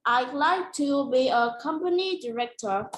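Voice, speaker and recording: A woman's voice: high-pitched, expressive, a little slow, a bit bright. A woman student on a video call, reading out her answer carefully in an English class. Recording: echoey room with faint noise.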